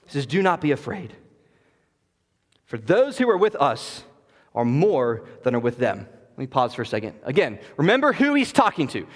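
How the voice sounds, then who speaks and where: A male pastor preaching a sermon, rising to loud emphatic lines and dropping to hushed, quiet passages. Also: medium pitch, wildly swooping pitch, fairly quick. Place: church sanctuary. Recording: long hall reverb of a church.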